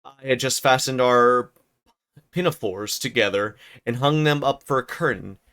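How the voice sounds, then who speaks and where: Man narrating a classic novel live; clear smooth voice, middle pitch, casual asides. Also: moderate pace. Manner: steady reading with stumbles, rereads and casual profane asides. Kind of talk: reading a classic novel aloud on a livestream.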